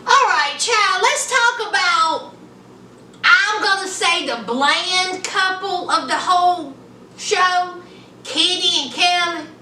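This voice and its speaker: A woman's voice: very high voice, slow pace, pushed and bright, a little hiss or hum. A woman chatting sassily about a TV show, calling her viewers honey and child. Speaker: show reviewer. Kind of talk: casual TV review chat. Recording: echoey room, mic at a distance.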